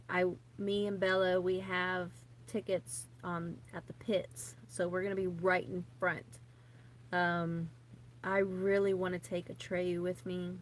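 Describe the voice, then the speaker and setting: A woman's voice: lowish voice, flat delivery, takes it slowly, slight background noise. A woman in her thirties, a vlogger, rambling chattily and nervously to camera with many fillers and restarts. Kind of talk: casual rambling chat to camera.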